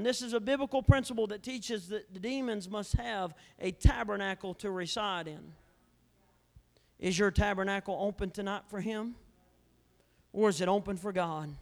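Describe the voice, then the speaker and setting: A male evangelist preaching a fiery revival sermon in a church, swinging between loud declarations and hushed asides. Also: sits high, moderate pace. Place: church sanctuary. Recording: long church hall reverb.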